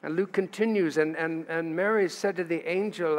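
A man's voice: on the high side, steady tone, moderate pace, hardly any pauses. A man preaching a sermon as pastor, in a chatty way with asides to the congregation. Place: church sanctuary. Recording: church livestream with long hall reverb.

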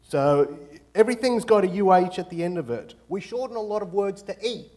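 A young Australian man works the crowd in a university auditorium, his voice sitting a little higher than most men's. He jokes and teases the room while he teaches. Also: lively intonation, a little fast, few pauses, darkish tone. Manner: joking, audience-engaging. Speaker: guest speaker. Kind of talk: lively lecture to students.

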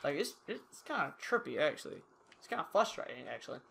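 A man's voice: on the high side, very animated, fast, vocal fry, a bit bright, slight background noise. A young man giving casual, rambling, self-mocking commentary over his own gameplay. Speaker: gaming YouTuber.

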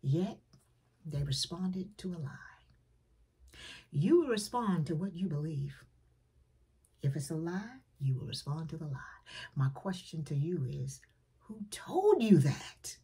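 A woman preacher giving a sermon in plain, colloquial words, swinging between emphatic calls and hushed whispers. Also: low voice, unhurried, long pauses, breathy edge.

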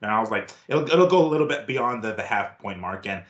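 A man's voice: lowish voice, expressive, quick pace, fairly bright tone, reverberant, muffled recording. A man co-hosting a boxing talk show in casual chat, rambling and swearing with lots of fillers and restarts.

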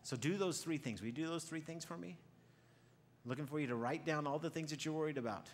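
A man preaching a sermon to a congregation, animated, swinging from loud exclaiming to quiet near-whispers, often repeating words as he starts a phrase. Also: fairly high pitch, fast, a little hiss or hum. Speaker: pastor. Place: church hall before a congregation.

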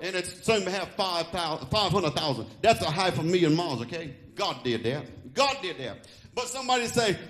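A man's voice: high-pitched, animated, normal speed, a bit bright. A male pastor preaching fervently in church, often calling out "Huh?" to the congregation. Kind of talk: sermon.

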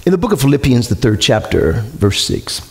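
A man preaching a sermon to his congregation, calling out questions and rising to shouts. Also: medium pitch, sing-song, moderate pace, vocal fry. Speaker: pastor. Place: church sanctuary with congregation.

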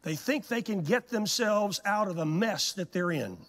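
A male guest preacher delivering a sermon in a church, telling stories in an animated, dramatic way. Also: high-pitched, normal speed. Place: church sanctuary. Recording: long hall reverb in church.

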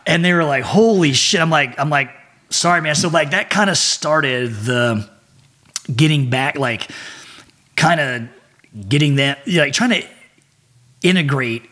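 A middle-aged man, a former Marine and SEAL, telling profane, animated stories as a podcast guest and acting out what others said. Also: fairly high pitch, unhurried, long pauses. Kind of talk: casual storytelling.

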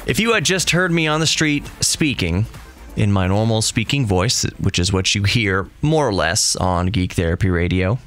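A man's voice: on the low side, very animated, normal speed, fairly bright tone, no echo. A man from Texas hosting his own tech podcast, talking loosely and rambling in a chatty, self-deprecating way. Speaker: podcast host. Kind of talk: casual solo podcast monologue.

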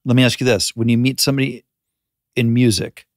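A man's voice: mid-range voice, steady tone, a little fast, dry recording, clean studio sound. An older man, a guest on a podcast, chatting casually and poking fun at himself. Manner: self-mocking, plays out his own past lines. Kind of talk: casual chat.

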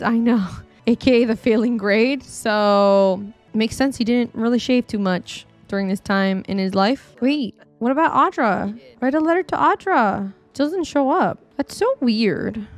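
Playful woman streamer, slightly high voice, soft music under her gameplay chat. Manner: chatty, playful, hums and giggles to herself. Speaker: gaming streamer. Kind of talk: casual gameplay commentary. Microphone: desktop dynamic mic.

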